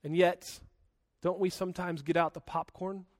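A man preaching a sermon in an emphatic, conversational way, with big swings in loudness. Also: sits high, little pitch movement, moderate pace, no echo, clean studio sound. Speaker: pastor.

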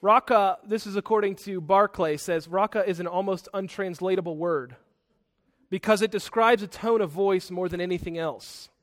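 A man delivers a sermon in a high-pitched voice, full of animation and quick to act out bursts of anger. He also drops in asides where he corrects himself.

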